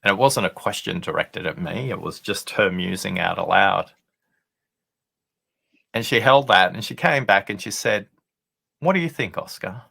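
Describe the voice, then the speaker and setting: A man's low, gravelly voice has a sharp tone and a breathy edge, moving at a moderate pace. As an author and guest on a leadership show, he recounts a story over video call in an earnest, explanatory way, performing the dialogue he quotes.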